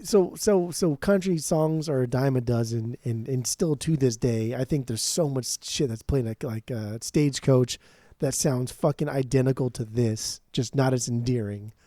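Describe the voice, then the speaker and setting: Profane, animated man with a dark voice. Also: mid-range voice, moderate pace, dry recording, clean studio sound. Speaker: podcast co-host. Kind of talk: casual music chat.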